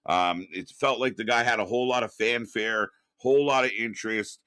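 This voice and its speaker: In a clear, resonant, lowish voice that sounds pushed and bright, a middle-aged man hosts a stream from his home studio at a moderate pace, with no room sound. He casually reads out viewer messages and greets people, rambling, restarting, filling pauses and swearing at times.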